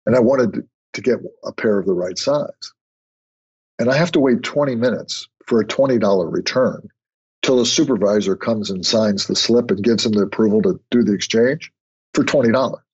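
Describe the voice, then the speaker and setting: An older man, a podcast guest, chatting casually and telling stories with lively quoted dialogue. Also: fairly low pitch, moderate pace, breathy edge. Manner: storytelling, animated when quoting others. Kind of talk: conversational interview. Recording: muffled lo-fi remote audio.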